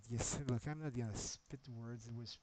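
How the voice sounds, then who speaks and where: A man's voice: medium pitch, moderate pace, warm tone, slight background noise, rough recording. A man streaming, talking in a rambling, agitated monologue with a lot of swearing.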